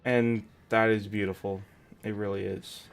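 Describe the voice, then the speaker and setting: A man's voice: lowish voice, level tone, a little slow, vocal fry, faint music behind. A man chatting casually as a guest on a stream, playful and teasing. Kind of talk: casual chat.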